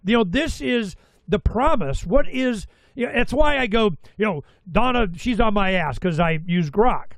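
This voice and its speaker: A man's voice: high voice, normal speed, no room sound. A middle-aged man hosting a talk show, telling rambling stories with quoted asides and the odd curse. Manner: animated storytelling with quoted asides and mild cursing. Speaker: radio show host.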